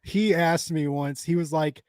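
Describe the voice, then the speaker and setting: Lively man chatting, higher voice. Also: a little slow, dry recording, clean studio sound. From United States. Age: 30s. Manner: rambling, laughing, full of fillers and restarts. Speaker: co-host. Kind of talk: casual chat.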